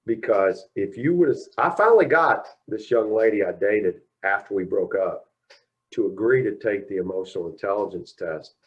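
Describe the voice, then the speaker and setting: A man's voice: lowish voice, normal speed, highs cut off. Folksy Kentucky man telling stories. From Kentucky, USA. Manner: folksy storyteller, retells talks with many "I said, he goes". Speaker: guest speaker at a mediation class. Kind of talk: anecdotal lecture.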